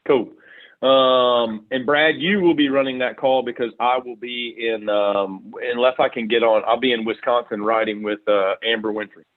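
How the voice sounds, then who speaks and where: A man leading a sales team meeting, telling animated stories and setting the schedule. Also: medium pitch, moderate pace. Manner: animated storytelling with quoted dialogue. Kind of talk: team call, casual meeting talk. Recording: tinny phone-line audio.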